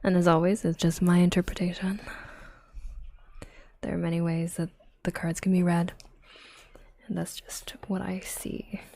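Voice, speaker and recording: Slow soft-spoken woman with gravelly fry. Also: lowish voice, level tone. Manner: slow, soft, drifting into whispers, giggly with chat. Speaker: ASMR streamer doing tarot readings. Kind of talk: soft-spoken ASMR livestream. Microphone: close ASMR mic.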